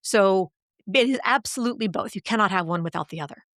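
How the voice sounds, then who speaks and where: A middle-aged woman with a mid-range voice talks through her expertise as a guest on a podcast. She is animated and acts out quoted lines as examples. The sound is close and dry. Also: mid-range voice, fast talker, no echo. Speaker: guest, cognitive linguist and executive coach. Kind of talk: podcast interview.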